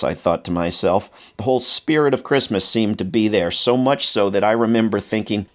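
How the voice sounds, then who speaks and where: Man narrator, low voice, measured memoir reading, unhurried. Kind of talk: reading a wartime memoir aloud.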